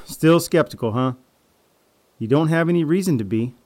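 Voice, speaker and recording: A man's voice: on the high side, normal speed, darkish tone, no room sound, natural voice. A man voicing a manipulative male raider in an audio drama, falsely friendly and then arrogant and threatening. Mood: defensive, casual. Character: smug, deceitful male raider, manipulative and menacing.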